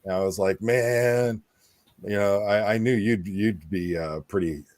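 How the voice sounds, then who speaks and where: A man's voice: sits low, normal speed, darkish tone, no echo, studio quality. A man hosting a casual talk show, rambling with many fillers and restarts. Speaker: podcast host. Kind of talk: casual chat.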